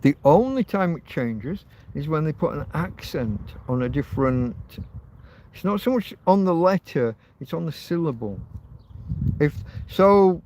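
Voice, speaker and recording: Slow, rambling man thinking aloud. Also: on the high side, animated, darkish tone. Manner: meandering, thinks aloud with many ums and restarts. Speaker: livestream host. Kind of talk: rambling casual livestream chat. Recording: faint background noise.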